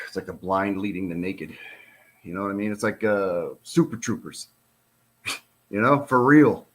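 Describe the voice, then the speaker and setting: A man's voice: on the low side, unhurried, fairly bright tone. A middle-aged man, a retired police officer, gives casual commentary on a released document. He talks in an exasperated, sarcastic, rambling way.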